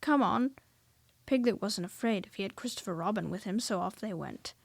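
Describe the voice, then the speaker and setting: A woman reading a children's storybook aloud, expressive and dropping to hushed whispers at tense moments. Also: medium pitch, brisk, vocal fry, breathy edge, no room sound.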